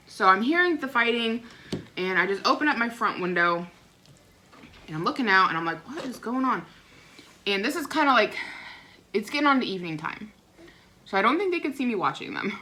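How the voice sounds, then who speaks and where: A young woman telling a rambling neighbor story in a casual vlog, chatty and animated. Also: mid-range voice. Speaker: vlogger. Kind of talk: casual storytime while eating.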